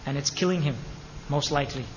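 High-voiced impassioned male preacher. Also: quick pace, dull audio, slight background noise. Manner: impassioned preaching with sudden loud peaks and hushed drops. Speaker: pastor. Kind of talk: sermon. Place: church sanctuary. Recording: long hall reverb, faint ambience.

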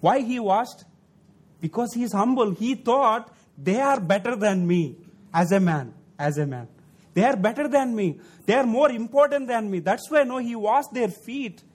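High-voiced preacher with emphatic repetition. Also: male voice, animated, normal speed, darkish tone, husky. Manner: emphatic repetition, rising to stress points; non-native English phrasing. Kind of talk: sermon.

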